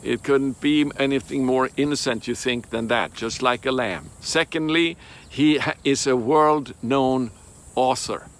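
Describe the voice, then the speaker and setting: A man giving a Bible teaching in a deliberate, emphatic way, pausing and hesitating often. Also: medium pitch, a bit bright.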